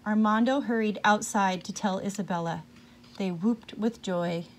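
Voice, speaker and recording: A woman reading a picture book aloud, pausing now and then to ask her listeners questions about the story. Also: medium pitch.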